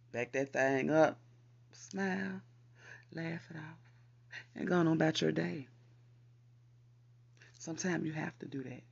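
A man hosting a podcast, reciting affirmations and repeating them slowly for emphasis in an encouraging way. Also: a little high, vocal fry, a bit bright, lo-fi sound. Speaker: podcast host. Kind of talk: spoken affirmations.

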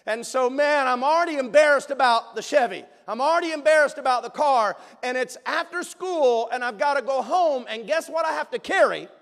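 A male pastor telling a personal story in a sermon, animated and emphatic, sometimes bursting into a shout. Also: very high voice, brisk, few pauses. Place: church sanctuary. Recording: long reverb of a large hall.

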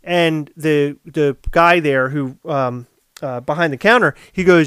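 A man from co-hosting a casual podcast, telling stories in animated, profane bursts. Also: fairly high pitch, a little slow, smooth, no room sound, studio quality. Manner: animated storytelling, swearing, loud bursts. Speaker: podcast co-host.

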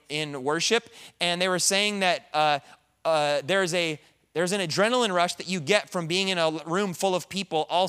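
Middle-aged male pastor, earnest rambling sermon delivery, high pitch, clear resonant tone. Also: sharp tone. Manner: earnest, rambling with many restarts.

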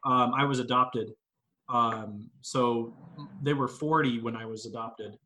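A man's voice: mid-range voice, steady tone, measured pace, pushed and bright, slight background noise, low-quality recording. A man in his late twenties talking in a casual group discussion, telling rambling personal stories. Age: late 20s. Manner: rambling, anecdotal storyteller. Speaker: panelist.

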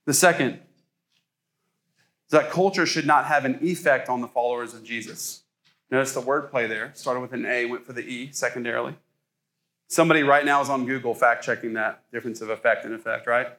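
A man's voice: mid-range voice, fairly quick, sharp tone. A man in his thirties from Ohio, preaching a casual sermon as a pastor and joking with the congregation.

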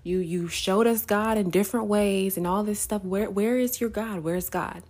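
A woman's voice: sits low, fairly even intonation, slow pace, a little mellow, husky, heavily acted. A woman acting out a frightened crowd of fleeing people, frantic and accusing. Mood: panicked accusing.

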